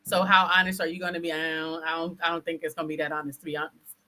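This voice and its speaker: A woman interviewer talking in a casual conversation, blunt and assertive, making her points deliberately. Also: low-pitched, flat delivery, crowd noise, rough recording.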